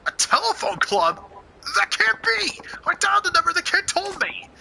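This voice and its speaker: A man voicing a desperate, bungling male kidnapper in a video game, with loud, indignant bluster. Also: very high voice, huge pitch swings, normal speed, creaky, a little hiss or hum, pitched above the performer's own voice, full character voice. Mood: angry.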